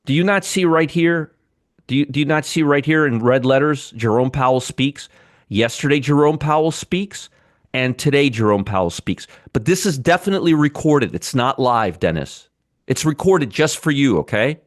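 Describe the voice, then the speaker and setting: On a dry, studio-quality recording, a man hosting a live trading stream speaks at a moderate pace in a mid-range voice with lively intonation. He's blunt and sarcastic about the markets, jokes around with viewers in the chat, and doesn't hold back on swearing.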